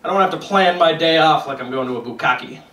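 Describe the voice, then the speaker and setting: A man's voice: fairly high pitch, fast, very noisy. A young man doing a stand-up set on a comedy club stage, ranting in a sarcastic, profane way. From Boston area, USA. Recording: roomy club sound from a distance, loud crowd laughter.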